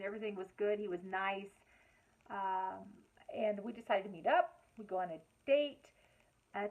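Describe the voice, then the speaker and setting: A woman telling a personal story in a casual, chatty vlog, with lots of fillers and an animated way of retelling conversations. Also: mid-range voice, phone-quality sound. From Lexington, Kentucky. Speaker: vlogger.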